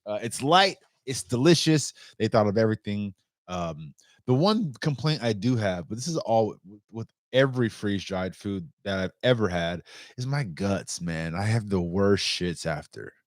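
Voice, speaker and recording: A man in his young adult years, chatting casually to his viewers as an outdoor vlogger in a loose, animated way and swearing freely. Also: on the low side, moderate pace, no room sound, studio quality. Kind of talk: casual chat to camera.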